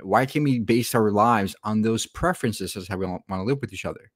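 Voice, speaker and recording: A man's voice: on the low side, a little fast, no room sound. Man arguing, dry close sound. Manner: argumentative, rhetorical questions, sarcastic. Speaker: reaction video host. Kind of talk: casual argumentative commentary.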